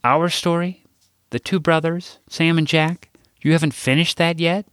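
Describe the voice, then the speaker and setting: A man's voice: fairly high pitch, fairly even intonation, measured pace, clear, resonant tone, dry recording, studio quality, pitched above the performer's own voice. A man doing a stern, exasperated woman. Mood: incredulous. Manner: sharp, accusing questions.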